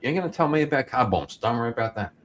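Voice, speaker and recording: A man's voice: mid-range voice, expressive, rapid-fire, slight background noise. A man in his fifties who asks pushy, teasing questions in a casual chat and swears often. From Northern Ireland.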